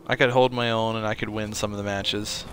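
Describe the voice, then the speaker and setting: A man's voice: fairly low pitch, flat delivery, brisk, background noise. A man giving casual, rambling commentary while playing a game and chatting. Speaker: gameplay streamer.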